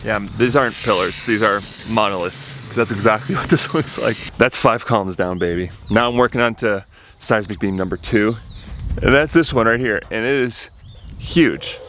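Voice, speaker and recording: A man's voice: on the low side, moderate pace, fairly bright tone, slight background noise. A young man talking casually to his vlog viewers, earnest and reflective, then joking with his wife. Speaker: vlogger building a home.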